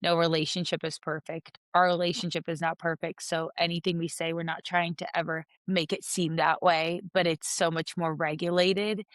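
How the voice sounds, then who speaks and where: A woman's voice: lowish voice, little pitch movement, moderate pace, hardly any pauses, no room sound. A woman from Russia co-hosting a podcast, talking in a reflective, heartfelt way in long flowing sentences. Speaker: podcast co-host. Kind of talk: casual podcast chat.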